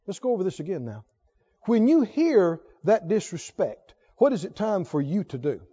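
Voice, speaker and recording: A male pastor preaching with a very high, lively voice that rises and falls widely. He keeps asking his listeners questions. The recording is dull and lo-fi. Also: normal speed, husky. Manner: emphatic, asks the congregation questions. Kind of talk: sermon.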